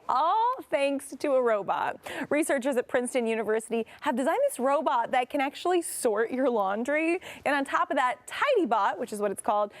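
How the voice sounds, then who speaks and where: A young woman co-hosting a morning TV show in a studio, talking in a bubbly, giggly way with lots of "like". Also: sits high. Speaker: TV talk show co-host. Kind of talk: casual morning show chat.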